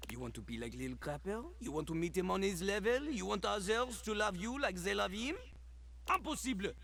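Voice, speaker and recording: A man's voice: sits high, a bit bright. A man voicing a cocky, crude male toilet rapper who raps and talks about himself in the third person, in a video game. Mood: preening.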